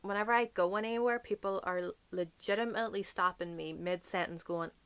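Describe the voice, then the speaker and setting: A woman's voice: medium pitch, a little fast, a bit bright, clear, resonant tone. A woman from Northern Ireland with a light Northern Irish accent, chatting casually to camera as a book vlogger, gushing and playful with whispered asides.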